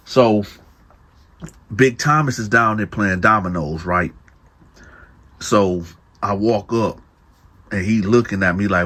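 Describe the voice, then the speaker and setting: Low-voiced man from telling stories. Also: moderate pace. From Flint, Michigan. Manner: animated, conversational, acts out dialogue. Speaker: host. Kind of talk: prison storytelling.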